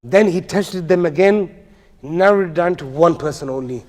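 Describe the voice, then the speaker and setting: Male tajweed teacher, chatty and questioning, higher voice, long mosque reverb. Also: moderate pace, a little mellow. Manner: chatty, asks the class questions, slangy asides. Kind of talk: informal classroom storytelling. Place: mosque hall.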